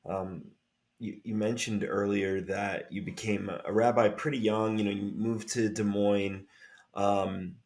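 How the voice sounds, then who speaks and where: A man hosting a podcast interview, speaking in a measured way. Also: fairly low pitch, fairly even intonation, a little mellow. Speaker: podcast host.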